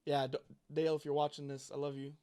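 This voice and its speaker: A man's voice: a little high, flat delivery, quick pace, warm tone. A man co-hosting a casual podcast in an upbeat manner, laughing easily and hyping up what he talks about. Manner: upbeat, laughing, hypes things up. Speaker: podcast co-host. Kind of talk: casual sports chat.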